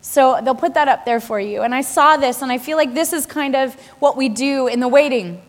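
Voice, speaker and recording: Woman preacher with a high voice, delivering an animated, laughing sermon in a big echoing hall. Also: a little fast. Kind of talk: sermon to a live congregation. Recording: long hall reverb.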